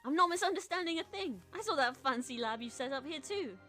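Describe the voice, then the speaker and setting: A woman's voice: high-pitched, lively intonation, fairly quick, sharp tone, soft background music. A woman voicing a brash scavenger from a game, speaking in a raised, indignant voice. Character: brash, pushy scavenger arguing for cash.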